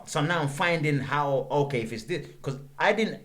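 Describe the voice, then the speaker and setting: Young man, slightly high voice, animated storyteller in casual podcast chat. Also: normal speed. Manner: animated storytelling, quotes himself, lots of "you know what I'm saying". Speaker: podcast guest.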